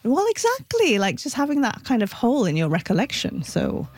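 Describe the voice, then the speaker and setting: A woman's voice: fairly high pitch, huge pitch swings, brisk, darkish tone, breathy edge, dry recording. A woman hosting a radio show, chatty and upbeat, speaking from a studio microphone.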